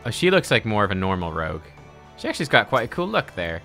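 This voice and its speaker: A chatty male gaming streamer talking through his playthrough, swearing and laughing easily. His voice is bright and forward, rising and falling a lot, with faint game music behind. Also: fairly low pitch, big pitch swings, fast talker. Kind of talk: casual let's-play commentary.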